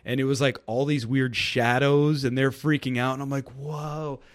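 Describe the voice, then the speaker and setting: A man's voice: medium pitch, moderate pace. A young adult man on a podcast, chatting casually and telling a rambling story, acting out the people in it with a raised, goofy voice. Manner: rambling and animated, acts out quotes with a raised goofy voice.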